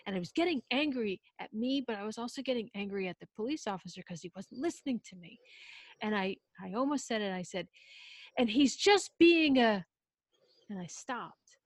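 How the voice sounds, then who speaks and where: A woman recounts a story in a loose, conversational way, jumping into quoted lines and cutting herself off mid-thought. Her voice sits at an ordinary middle pitch. The recording is dry and close, with no room sound. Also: a little fast, no echo. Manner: animated, acts out quotes, self-interrupting. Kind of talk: casual storytelling.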